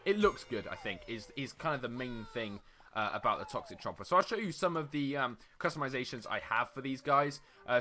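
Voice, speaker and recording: A young man talks his way through a round of a shooter game, rambling and loose with plenty of fillers. His voice has a bright, forward edge, and he breaks into quick excited bursts when the action heats up. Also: mid-range voice. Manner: chatty, rambling, with many fillers and sudden excited outbursts at the game. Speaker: gaming video host. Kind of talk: casual gameplay commentary.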